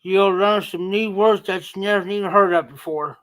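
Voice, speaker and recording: A man with a southern Ohio accent chatting casually on a livestream, slow and rambling in a folksy way. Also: high-pitched, a bit bright. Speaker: livestream host.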